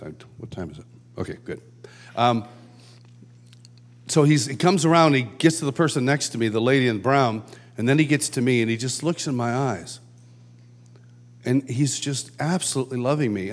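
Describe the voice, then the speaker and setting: Man preaching a lively personal testimony. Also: mid-range voice. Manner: animated storytelling, acting out his own thoughts in hushed asides. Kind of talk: sermon storytelling. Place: church hall, live before a congregation.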